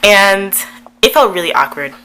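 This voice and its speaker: A woman's voice: mid-range voice, expressive, moderate pace, sharp tone, a little hiss or hum, rough recording. A young woman telling a personal story in a casual vlog, chatty and giggly, with many fillers. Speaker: YouTuber.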